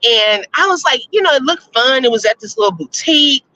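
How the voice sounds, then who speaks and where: A woman hosting a casual live-stream chat, reading viewer votes and telling stories, animated and laughing often. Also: sits high, fairly quick. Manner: chatty, animated, laughs often, addresses listeners as y'all. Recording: slightly muffled lo-fi audio.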